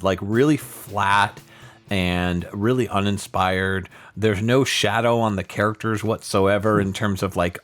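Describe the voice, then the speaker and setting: A man co-hosting a casual podcast about game music, jokey and rambling. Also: lowish voice. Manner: jokey, rambling, laughs a lot. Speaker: podcast co-host.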